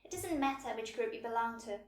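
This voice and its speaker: A woman giving a patient, scripted pronunciation lesson, demonstrating sounds slowly and clearly. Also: fairly high pitch, animated, echoey room. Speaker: language teacher.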